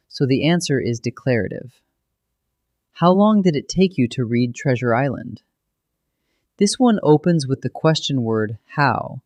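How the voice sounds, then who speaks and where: A man narrating a scripted grammar lesson, explaining patiently and clearly step by step. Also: medium pitch, a little mellow, dry recording. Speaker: grammar teacher.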